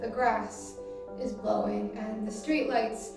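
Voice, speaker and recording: A woman performing a theatrical monologue, telling a story slowly and reflectively with long pauses, recorded from a distance on a stage with music behind. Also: medium pitch, little pitch movement, gravelly. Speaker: stage actor. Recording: echoey room from far off, music behind.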